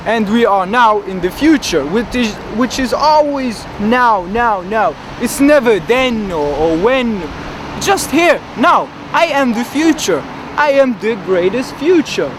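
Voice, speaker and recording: A man's voice: very high voice, expressive, unhurried. A man playing a grandiose, dreamy young man with big ambitions, who rambles boastfully and fills his talk with hesitations in a comedic street interview. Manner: rambling, boastful, full of fillers. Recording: outdoor traffic noise.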